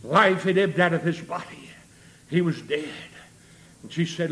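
A man preaching a sermon, building rhythmically into shouts with many amens and a habitual "uh" before phrases. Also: fairly high pitch, expressive, a little slow.

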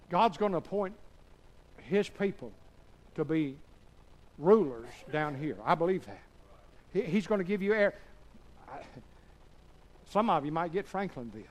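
A man preaching a sermon to a church congregation, shifting from quiet talk to shouted passages and calling out for amens. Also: fairly high pitch. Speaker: pastor.

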